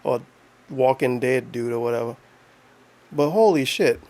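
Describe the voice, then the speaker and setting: A man's voice: medium pitch, a little slow, darkish tone. A man doing casual live-stream commentary, mocking and profane, reading chat aloud between remarks. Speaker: streamer reacting to a video.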